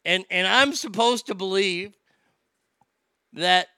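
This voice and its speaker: A male stand-up comedian with a gravelly, forceful voice that sits a bit high for a man. His delivery is profane and rambling, and the sound is dry and close. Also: slow pace, no echo.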